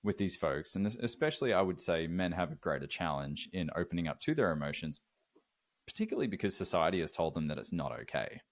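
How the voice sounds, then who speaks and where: A man with an Australian accent hosting a podcast interview, affirming and relaxed as he asks questions. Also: deep voice, quick pace. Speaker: podcast host. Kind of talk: interview conversation.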